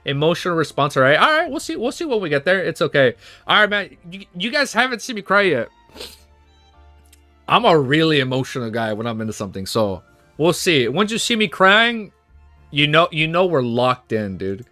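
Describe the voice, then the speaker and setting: A man livestreaming, chatting casually and reading aloud, excitable and laughing often, saying "dude" a lot. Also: fairly high pitch, moderate pace, no echo, soft background music.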